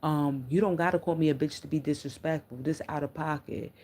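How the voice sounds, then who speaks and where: A middle-aged livestreamer chats casually, blunt and profane, telling candid stories and talking back to her viewers' comments. Her low voice has a darkish tone, fairly even intonation, and a fairly quick pace.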